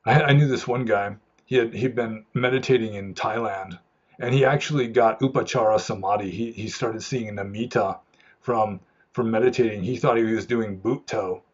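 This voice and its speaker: A man's voice: lowish voice, normal speed, slightly rough, dull audio. A man, a monk, answering viewer questions in a loose, rambling way, with many restarts and fillers. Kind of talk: unscripted Q&A talk.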